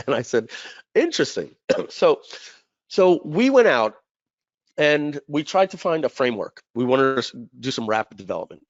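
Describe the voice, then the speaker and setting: A man hosting a live webinar, telling a long story in a chatty, rambling way, with many fillers and throat clearing. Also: mid-range voice, animated, brisk, no echo. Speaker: webinar host. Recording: dull, dry webinar audio.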